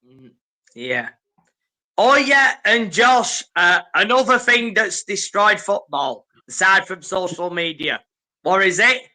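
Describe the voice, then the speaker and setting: A man's voice: high voice, animated, slow pace, sharp tone, low-quality recording. A man with a Manchester accent hosting a casual football stream, hesitant and full of fillers. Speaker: stream host. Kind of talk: casual chat.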